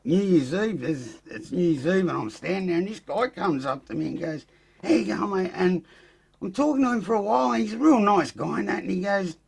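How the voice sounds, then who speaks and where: A man with an Australian accent, a podcast guest telling an animated story full of swearing and acted-out quotes. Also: sits high, fairly quick, vocal fry, husky. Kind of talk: casual storytelling.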